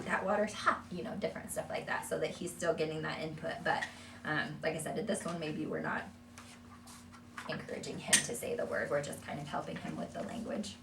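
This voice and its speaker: A woman's voice: deep voice, level tone, fairly quick. A woman speech therapist casually explaining language strategies to parents in a small group, with lots of fillers. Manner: conversational, many fillers. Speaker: early childhood speech therapist. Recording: echoey room, from far off, background noise.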